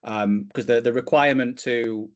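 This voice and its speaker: A man's voice: medium pitch, fairly even intonation, moderate pace, lo-fi sound. A man co-hosting a tech podcast, explaining things in a casual way with lots of fillers and restarts. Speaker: podcast co-host.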